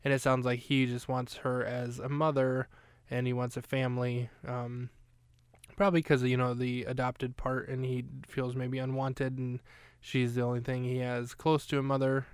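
A man's voice: mid-range voice, monotone, moderate pace, clear, resonant tone, no room sound, clean studio sound. A man hosting a podcast, recapping a film in casual, rambling chat full of fillers and restarts. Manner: rambling, chatty, with many fillers.

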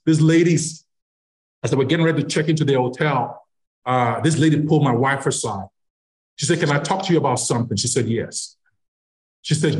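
A middle-aged man from Nigeria, a podcast guest, telling a personal story and acting out the dialogue as he goes. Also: mid-range voice. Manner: animated storyteller who acts out quoted dialogue. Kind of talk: storytelling anecdote.

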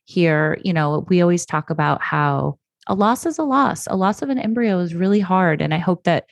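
A woman's voice: on the low side, expressive, moderate pace, creaky, no room sound, studio quality. A woman hosting a podcast, speaking supportively and reflectively to her guest and her listeners. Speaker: podcast host. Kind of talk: casual chat.

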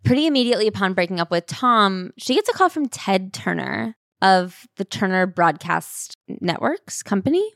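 A woman's voice: medium pitch, big pitch swings, normal speed, hardly any pauses, fairly bright tone, no echo. Wry woman co-host, dry mic. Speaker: podcast co-host. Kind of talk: casual book-recap chat.

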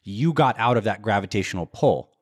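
A man's voice: on the low side, expressive, a little fast. A man hosting an interview, asking a guest encouraging, lead-up questions. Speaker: host.

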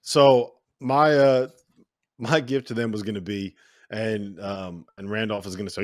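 Man, low voice, dry sound, emphatic sports host. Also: fairly even intonation, a little slow, no room sound. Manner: emphatic, imaginative storytelling. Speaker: podcast host. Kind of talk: casual sports banter.

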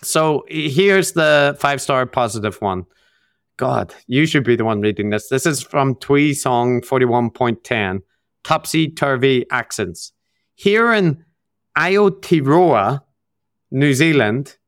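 A man's voice: mid-range voice, expressive, measured pace, no echo, clean studio sound. A man with an Irish accent, co-hosting a podcast in casual, sardonic banter and laughing often. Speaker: podcast co-host.

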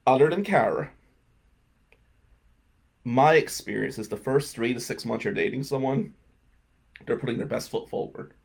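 Husky man hosting a talk show. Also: mid-range voice, moderate pace, pauses often. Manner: self-mocking storytelling, laughing at his own jokes. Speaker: radio show host. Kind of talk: comedic talk-show monologue. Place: radio studio.

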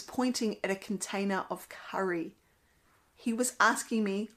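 A woman's voice: mid-range voice, unhurried, a bit bright. A woman, a mother talking earnestly about parenting in a casual monologue, laughing now and then at her own stories. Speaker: mother giving parenting commentary. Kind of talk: casual monologue with Bible quotes.

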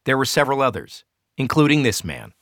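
A man narrating a documentary news story in a measured, scripted way. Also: mid-range voice, sing-song, fairly bright tone, no echo. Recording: music bed under the voice.

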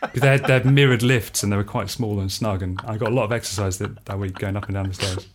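A man, a freelance composer, telling anecdotes in a casual interview, animated and laughing often as he acts out what people said. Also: lowish voice, quick pace. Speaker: freelance composer and musician, podcast guest.

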